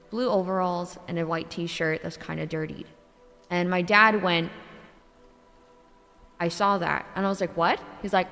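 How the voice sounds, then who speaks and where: A young woman streamer telling a true ghost story in a casual, animated way, swearing and laughing between lines. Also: fairly low pitch, vocal fry, in a large hall. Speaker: VTuber streamer.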